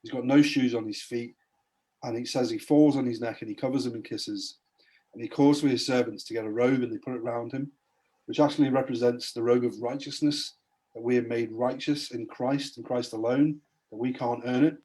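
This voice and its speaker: Man preaching his story on a podcast, dark mellow voice, earnest. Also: medium pitch, fairly even intonation, fairly quick. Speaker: guest. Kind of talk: conversational testimony, preaching.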